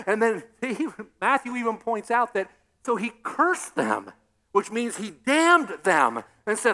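A male pastor preaching a sermon in an animated way, acting out scenes with humor. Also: sits high, measured pace.

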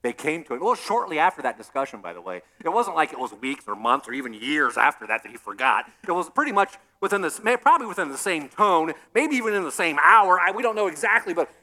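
A male pastor preaching a sermon in an animated way, acting out scenes with humor. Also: sits high, fast, hardly any pauses.

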